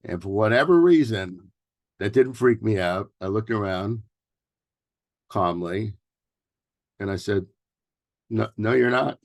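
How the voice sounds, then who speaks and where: A man in his sixties from New York City giving a relaxed workshop talk as a therapist, mixing advice with personal stories and often pausing on fillers and restarts. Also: lowish voice, no room sound, clean studio sound. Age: 60s. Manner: loose and conversational, with many fillers and restarts. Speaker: workshop presenter, family therapist.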